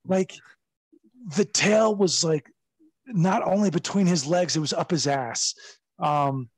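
A man telling backstage stories as a guest in a casual interview, animated and profane, laughing as he goes. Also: on the high side, takes it slowly, breathy edge, no room sound. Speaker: guest recounting his wrestling career.

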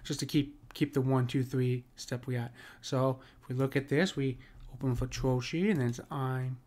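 With a steady, slightly mellow medium-pitched voice, a man teaches poetic meter in a casual, conversational way. He checks in with listeners often and slows his pace to read verse aloud.

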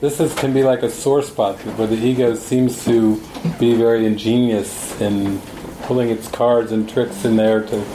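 A man's voice: medium pitch, fairly even intonation, normal speed, noisy background. A man, a spiritual teacher, giving a storytelling talk at a group gathering. He tells his stories with animation and acts out the voices of the people in them. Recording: echoey room.

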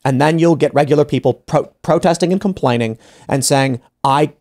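A man's voice: on the high side, brisk, darkish tone. A man hosting a podcast, arguing his point in opinionated panel talk, often restarting his sentences and acting out other people. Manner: argumentative, many restarts, acts out quoted people. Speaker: podcast host. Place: podcast studio.

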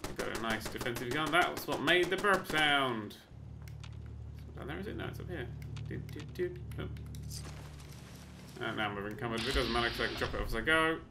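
A man casually commentating on his own gameplay, chatty and excitable, with sudden yelps and mock-boastful asides. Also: mid-range voice, moderate pace, vocal fry, noisy background. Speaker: let's play host.

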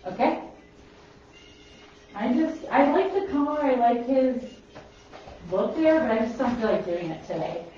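A woman's voice: on the high side, big pitch swings, normal speed, long pauses, mellow, slight background noise. Minnesotan woman chatting from across a roomy studio. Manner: rambling, chatty, laughs at herself. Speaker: pet portrait artist. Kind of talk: casual chat while painting. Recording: roomy, distant, slightly dull.

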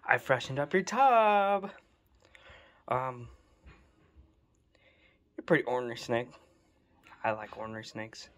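A man's voice: medium pitch, very animated, takes it slowly, long pauses, fairly bright tone. Man cooing playfully to his snakes. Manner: coos fondly at his snakes in a playful sing-song. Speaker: snake keeper vlogger. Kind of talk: casual chat to pet snakes. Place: home room with snake tubs.

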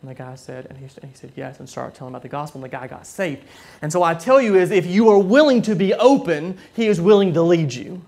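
Halting man preaching. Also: fairly high pitch, expressive, a little mellow. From southern United States. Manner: storytelling, halting with repeated words. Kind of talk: sermon.

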